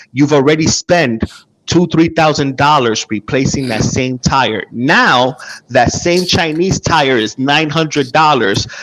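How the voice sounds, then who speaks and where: A man in casual chat who explains things emphatically, acting out his old sales pitches. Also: rough recording.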